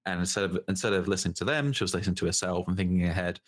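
Deep-voiced man podcaster. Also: very fast. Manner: talks over his co-host, blunt opinions. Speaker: podcast co-host. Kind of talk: casual chat.

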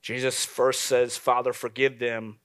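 A man preaching a sermon as pastor, lively and conversational, with asides to the congregation. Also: mid-range voice, unhurried, clear, resonant tone, dry recording.

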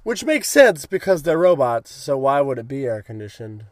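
A young man in casual chat, excitedly retelling cartoon scenes and acting out lines in goofy voices. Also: medium pitch, normal speed, no room sound, studio quality. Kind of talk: casual episode recap chat.

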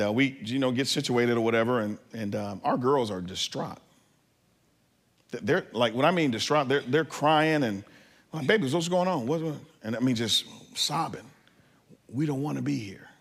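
A man preaching as a pastor, telling a family story with lively asides to the congregation. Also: medium pitch. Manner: animated, acts out family scenes. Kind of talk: sermon.

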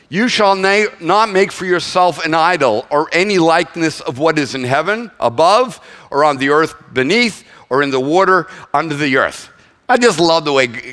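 A man preaching a sermon in an animated way, cracking jokes and restarting his sentences. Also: a little high. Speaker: pastor. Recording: long hall reverb.

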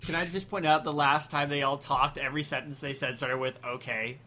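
A man's voice: a little high, steady tone, a little fast, a crowd in the background. A man hosting and editing a comedic podcast, hesitant and self-deprecating. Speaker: podcast host and editor.

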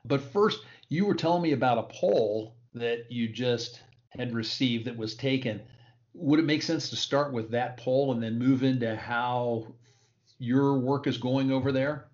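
A man's voice: unhurried, a little mellow. Attentive male interview host, muffled audio. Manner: attentive, affirming, with brief murmurs of agreement. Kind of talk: interview questions. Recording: muffled low-fidelity audio.

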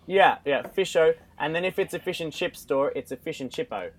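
A man's voice: on the high side, lively intonation, a little fast. A man from Australia with an Australian accent in a casual chat, teasing and laughing easily.

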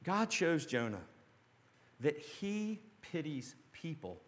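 A man preaching a sermon, dramatic and storytelling, dropping to a hush and then rising to shouts. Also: a little high, very animated, takes it slowly. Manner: dramatic, swings from hushed to shouting. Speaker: pastor. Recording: long hall reverb.

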